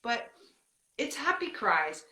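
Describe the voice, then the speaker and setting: A woman's voice: on the high side, big pitch swings, slow pace, pushed and bright, roomy sound. A middle-aged woman who works as an intuitive reader, talking casually and emphatically in a podcast chat. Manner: chatty, emphatic, quotes her own inner questions.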